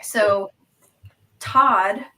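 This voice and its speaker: A woman co-host talks in an animated, chatty way at an ordinary pitch. Her voice sits a bit away from the microphone. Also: extremely slow, far from the mic, rough recording. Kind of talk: casual conversation.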